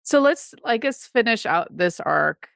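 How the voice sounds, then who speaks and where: A woman's voice: a little high, sing-song, measured pace, gravelly, fairly bright tone, dry recording, studio quality. A woman co-hosting a podcast in casual chat, a coach who laughs often and talks with many fillers.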